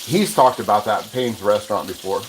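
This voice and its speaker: A man's voice: on the low side, normal speed. A man hosting a cooking livestream, chatting casually in a rambling way while he cooks at the stove and answers viewer comments. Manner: rambling and chatty, with many restarts. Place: home kitchen at the stove. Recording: noisy, with frying sizzle behind. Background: sizzling pan and running water.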